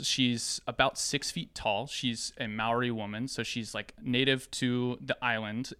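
A young man from the Atlanta area telling a personal story in an animated way, often laughing at himself. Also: mid-range voice, dry recording. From Atlanta area, United States.

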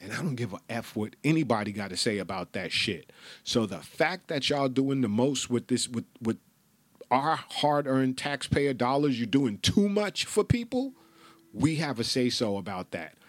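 A man's voice: mid-range voice, moderate pace, no room sound. A man hosting a solo podcast, ranting bluntly and profanely with lots of repetition. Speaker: podcast host.

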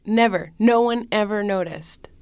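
Woman, young adult, stage actress, casual storytelling, animated, smooth clear voice, dry close sound. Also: on the low side, moderate pace, no room sound. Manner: animated, acts out her own panic in quoted lines. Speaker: Broadway actress telling a story.

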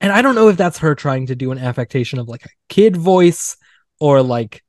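Dry-voiced chatty man, a bit high. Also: animated, fairly quick, no echo. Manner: chatty and wry, with filler "like"s and mocking quoted line readings. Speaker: podcast host. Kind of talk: casual film discussion.

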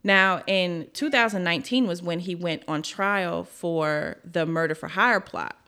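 A woman's voice: lowish voice, unhurried, bright, forceful tone, clean tone. A woman hosting a casual true crime podcast, telling the case bluntly with frank, profane asides.

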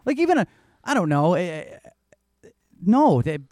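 A man's voice: high voice, very animated, normal speed, warm tone, dry recording, studio quality. A man telling loose, rambling stories in casual chat, swearing now and then.

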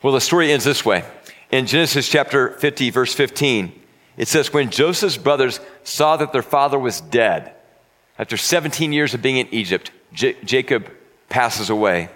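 Earnest pastor preaching with stammered restarts. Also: male voice, mid-range voice, expressive, moderate pace, fairly bright tone. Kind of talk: sermon retelling a scripture story.

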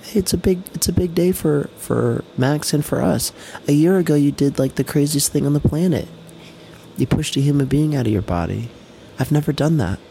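A young man co-hosting a casual podcast, gentle and reassuring, with loose slangy talk. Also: on the high side, animated, a little fast, vocal fry, slight background noise. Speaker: podcast co-host.

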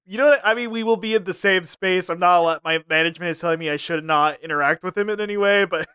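A man with a fairly high, smooth voice co-hosts a casual podcast. He jokes and laughs often and keeps throwing in quick asides. The sound is close and dry, with no room echo. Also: sharp tone. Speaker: podcast co-host.

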